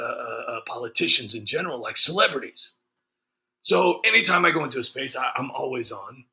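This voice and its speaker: Brief: male streamer host, casual sarcastic rant, gravelly and very forceful voice. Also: mid-range voice. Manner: sarcastic, joking, frequent fillers. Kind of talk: casual ranting monologue.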